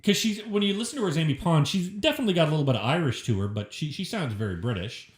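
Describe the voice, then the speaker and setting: Talking very fast in a fairly high voice, this podcast co-host swears and rambles with lively energy while reviewing films casually. The recording picks up the echo of the shared room he's sitting in.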